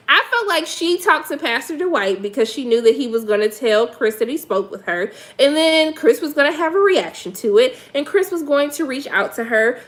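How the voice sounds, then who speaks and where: High, lively woman dishing on reality TV. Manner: sassy, blunt, talks straight to viewers. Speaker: reality TV commentator. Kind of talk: casual live commentary.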